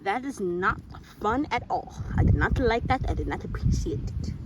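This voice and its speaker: A woman's voice: medium pitch, animated, moderate pace, noisy background. A woman giving playful, dramatic commentary on a game video, giggling, squealing and bossing her friend around. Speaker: gaming video creator.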